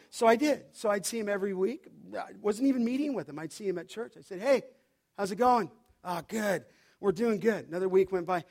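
High-voiced pastor preaching a story. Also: male voice, animated, a little fast. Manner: storytelling preacher, asks the congregation questions, acts out dialogue. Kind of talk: sermon. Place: church sanctuary.

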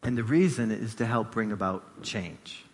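A man's voice: lowish voice, moderate pace, slight background noise. A man preaching a sermon as pastor of his church, emphatic and repeating phrases for stress. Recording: long hall reverb.

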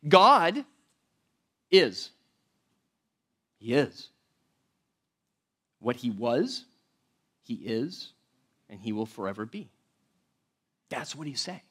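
A man preaching a verse-by-verse sermon in a conversational way, with joking asides and big swings between loud and quiet. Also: medium pitch, sing-song, drawn-out words, pauses often, slightly rough. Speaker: pastor.

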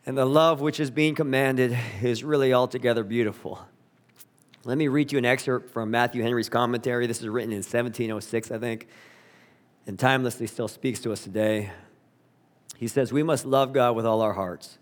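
A man preaching a sermon as a pastor, earnest and emphatic, slowing down to stress key words. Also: medium pitch, fairly even intonation. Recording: long reverb of a large hall.

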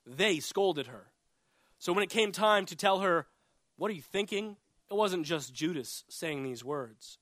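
A man's voice: fairly bright tone, dry recording. A man in his thirties preaching a sermon as a pastor, earnest and building in emphasis as he makes his points. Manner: earnest, rises in pitch and volume for emphasis.

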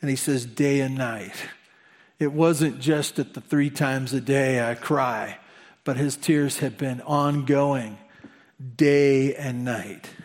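A man's voice: mid-range voice, steady tone, slow. A man preaching a conversational sermon, asking the listeners questions and slipping in chatty asides. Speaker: pastor.

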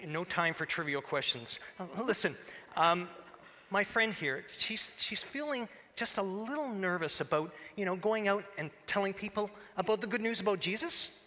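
A man's voice: high-pitched, expressive, bright, forceful tone. A man playing a flustered, stammering organizer. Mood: hurried. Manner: hurried, stammering. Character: flustered male organizer rushing everyone along. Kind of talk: live church camp skit. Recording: reverberant hall.

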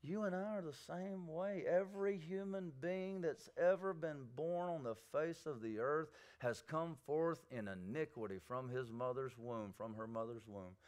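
A man's voice: a little high, a little slow, hardly any pauses, a little mellow. A man preaching a sermon, pressing his listeners with repeated rhetorical questions. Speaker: pastor.

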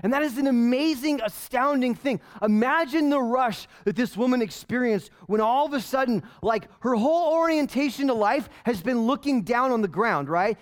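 A male pastor preaching a sermon in an animated, conversational way full of rhetorical questions. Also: very high voice, moderate pace, few pauses.

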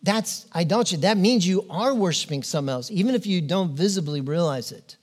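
A man preaching a sermon as pastor, earnest and emphatic, pausing often and restarting phrases. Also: sits high, animated. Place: church.

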